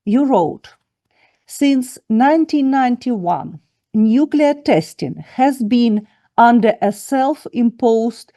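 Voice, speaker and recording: Slow, mellow-voiced woman interviewer. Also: a little high, dry recording. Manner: slow, careful questioning with restarts. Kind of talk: broadcast interview.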